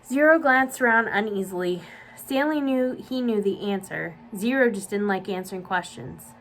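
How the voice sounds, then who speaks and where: A woman children's librarian reading a novel aloud to young listeners. Her storytelling is clear and steady, and her pitch sits in an ordinary middle range. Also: moderate pace, poor audio.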